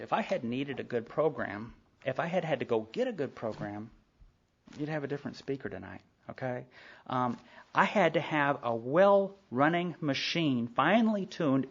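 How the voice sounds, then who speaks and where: A man shares his story at a recovery meeting in a quick, animated telling full of asides. His voice has a gravelly fry to it. The tape recording sounds dull and lo-fi. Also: medium pitch. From Sherman, Texas. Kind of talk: personal storytelling talk. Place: meeting hall.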